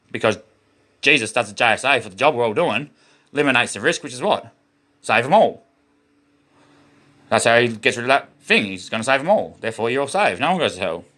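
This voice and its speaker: A man's voice: mid-range voice, pushed and bright. A man with an Australian accent rambling in a preachy monologue, often calling his viewers "guys" as he talks.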